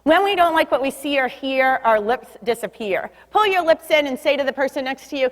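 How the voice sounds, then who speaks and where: A woman giving an energetic public talk about body language, leading the audience to repeat after her. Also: high voice, a little fast, few pauses. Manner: lively, leads audience call-and-response. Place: stage in a large hall. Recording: long hall reverb.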